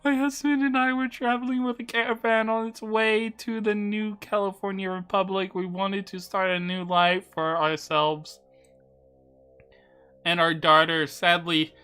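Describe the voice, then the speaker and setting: Man voicing a grieving young widow, video game character, sorrowful earnest telling, bright tense tone, clear smooth voice. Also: high-pitched, flat delivery, measured pace, faint music behind, pitched above the performer's own voice.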